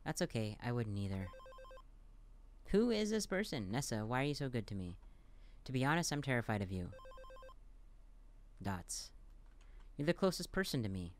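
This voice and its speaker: A man recording a let's play, reading the game's dialogue aloud in a mock-dramatic voice and jumping in with joking reactions. His pitch swings widely from line to line. He sits at a middle height of pitch for a man. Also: very animated, slight background noise. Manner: playful, reads lines in a mock-dramatic voice, quick asides.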